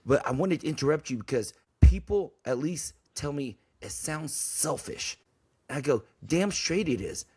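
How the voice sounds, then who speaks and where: A man's voice: a little high, animated, a little slow, mellow, husky. A man hosting a podcast in casual talk, blunt and emphatic, preaching his points and swearing freely. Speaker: podcast host.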